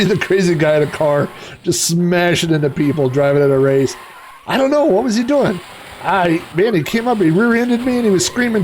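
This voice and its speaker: A man's voice: fairly high pitch, sing-song, normal speed, slight background noise. A middle-aged man streaming retro racing games, chatting in a rambling way and cracking dad jokes. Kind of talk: casual live-stream commentary.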